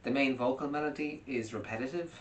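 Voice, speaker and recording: A man giving a wry, analytical music commentary as scripted narration. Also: brisk. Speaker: music video essayist. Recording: roomy, distant mic with faint rumble.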